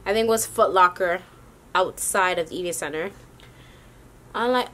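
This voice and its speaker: A woman's voice: fairly low pitch, normal speed, long pauses, a bit bright. A woman vlogging a sneaker haul, rambling and casual with lots of slang. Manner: chatty, rambling, slangy ("yo", "y'all").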